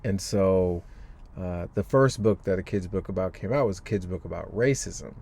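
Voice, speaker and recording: A man's voice: low voice, normal speed, vocal fry, mellow. A man, a guest author on a podcast, speaking earnestly and thoughtfully with many fillers. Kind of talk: podcast interview.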